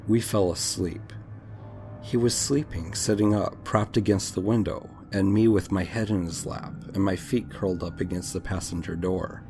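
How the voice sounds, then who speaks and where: A man's voice: low-pitched, a little mellow. A man reading a true scary story aloud in a dramatic, tense scripted narration.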